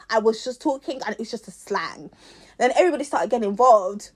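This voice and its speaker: A young woman from South London with a South London accent, telling a personal story to her viewers in a chatty, animated way full of fillers and bursts of laughter. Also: a little high, a little fast, husky. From South London, England. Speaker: vlogger. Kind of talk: casual storytelling to camera.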